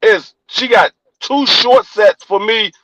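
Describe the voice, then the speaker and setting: Speaking at a slow pace, a young podcast co-host from Washington, D.C., with a high, light voice and a D.C. accent, tells a long, animated story in casual chat. He acts out each person's quoted lines and swears a lot. The recording is close, dry, and lo-fi, with no room sound.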